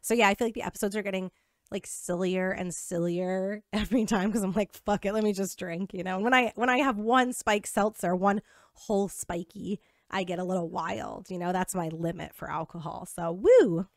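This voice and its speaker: A woman's voice: mid-range voice, moderate pace, dry recording, studio quality. A young woman co-hosting a podcast in casual chat, joking, teasing herself and swearing freely. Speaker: podcast co-host.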